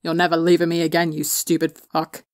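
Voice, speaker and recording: A woman's voice: low voice, monotone, a little fast, dry recording, clean studio sound, natural voice. A woman voicing a brash teenage boy, a blunt and sweary little brother who mumbles when sleepy. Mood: teasing.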